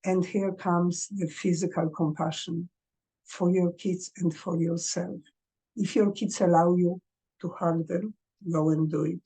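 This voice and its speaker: A woman coaching parents in a gentle, earnest advice talk, speaking English as a second language. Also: fairly low pitch, steady tone, measured pace, vocal fry, slightly rough.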